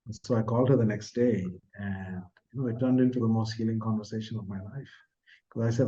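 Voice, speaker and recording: Earnest, soft-spoken older man telling a story. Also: lowish voice, steady tone, fairly quick, lo-fi sound. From India. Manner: earnest, soft-spoken, trailing off at phrase ends. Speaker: podcast guest, author. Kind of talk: reflective storytelling in an interview.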